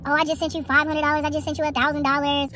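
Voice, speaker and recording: Brief: woman doing a breezy, mocking boyfriend voice, high, flat and rushed. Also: slight background noise. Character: sweet-talking boyfriend quoted mockingly.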